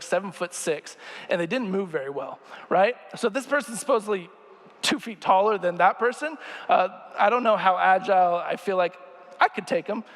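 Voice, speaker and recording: A man's voice: high voice, a bit bright, big-room sound. A young man preaching a casual sermon, chatty and joking and asking the crowd questions, in a church sanctuary.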